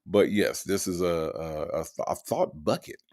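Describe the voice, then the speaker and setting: A man's voice: low voice, moderate pace, a little mellow. A man hosting a show, mocking and emphatic as he reacts to recorded calls and reads viewer comments aloud.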